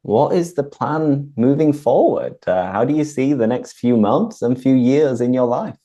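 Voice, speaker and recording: A man hosting a conversation and explaining English usage in a clear, patient way as a teacher. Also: medium pitch, animated, a little slow, warm tone, highs cut off.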